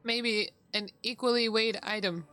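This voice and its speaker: A woman's voice: on the high side, fairly even intonation, unhurried, bright, forceful tone, soft background music. A woman streaming a game, chatting casually with her viewers and laughing often. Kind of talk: casual gameplay chat.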